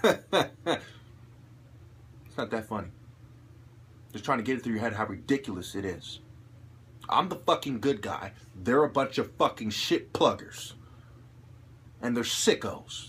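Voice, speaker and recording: A man delivering an angry, profane monologue to his viewers, ranting aggressively and rising to shouts. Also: a little high, lively intonation, normal speed, long pauses, husky. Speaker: channel host.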